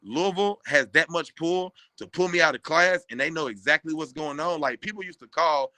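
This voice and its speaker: Bright-voiced man telling lively stories. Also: on the high side, normal speed, no echo. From Kentucky. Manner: animated, acts out other people's lines. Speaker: former college basketball player, guest. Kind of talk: casual storytelling. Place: podcast studio.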